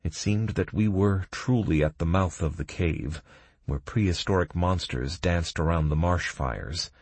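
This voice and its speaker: A man narrating a fantasy story in the first person, measured and dramatic, on a close studio mic. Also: low voice, husky, no echo. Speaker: audiobook narrator.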